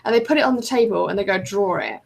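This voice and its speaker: A woman's voice: on the high side, racing, vocal fry, background noise. Chatty woman telling anecdotes. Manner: animated anecdote-teller, acts out quoted exchanges. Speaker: podcast host and artist. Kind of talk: casual chat.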